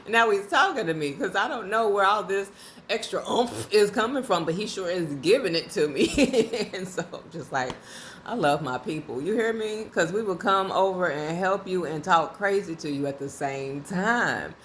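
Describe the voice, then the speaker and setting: A woman vlogger telling a casual story in a lively, colloquial way, often breaking into laughter. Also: medium pitch, normal speed, slight background noise. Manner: animated, laughing, colloquial and conversational.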